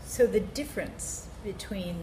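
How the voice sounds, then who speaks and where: A woman's voice: medium pitch, a little slow. A woman hosting an interview, asking questions in short prompts. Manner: short prompts and back-channel replies. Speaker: podcast host. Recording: echoey room with noise.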